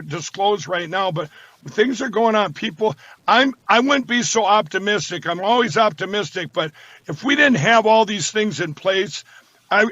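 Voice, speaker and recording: A man talking as a guest, rambling and repeating words as he slips into a sales pitch. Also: bright, forceful tone, no room sound. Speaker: guest, company founder. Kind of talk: casual talk with sales pitch. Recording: dull lo-fi sound.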